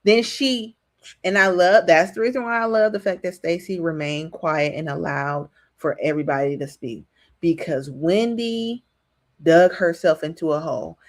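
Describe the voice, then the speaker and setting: A woman's voice: lowish voice, moderate pace. A woman hosting a casual reality TV commentary, rambling with frequent ums and restarts.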